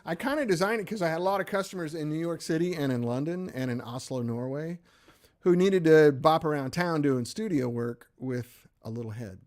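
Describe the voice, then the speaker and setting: A man's voice: fairly high pitch, fairly quick, darkish tone. A middle-aged American man hosting a livestream, chatting loosely and self-deprecatingly as he answers viewer comments. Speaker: livestream host. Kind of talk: casual chat reading viewer comments.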